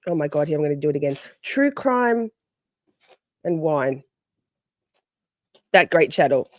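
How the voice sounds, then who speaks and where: A woman's voice: lowish voice, dark tone, no echo, studio quality. An Australian woman hosting a casual livestream from home, bubbly and swearing freely as she greets viewers by name. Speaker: livestream host. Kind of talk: casual live-stream chat with viewers.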